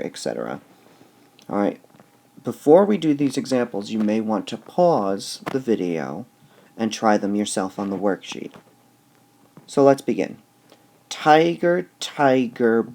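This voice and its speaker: A man teaching a recorded lesson, speaking slowly and deliberately and stressing syllables out loud as he explains. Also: lowish voice, a little hiss or hum. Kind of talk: recorded lesson on poetic meter.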